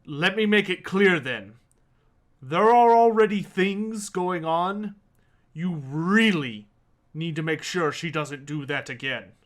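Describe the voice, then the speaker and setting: A man voicing a gruff, stern old male dwarf runesmith with a hearty manner. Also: a little high, expressive, a little slow, bright, forceful tone, heavily acted.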